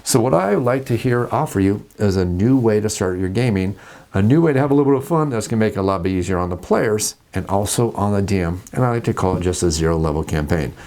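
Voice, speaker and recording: A man hosting a casual talk about tabletop games, jokey and animated, acting out scenes at the table. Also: fairly low pitch, fast talker. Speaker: host.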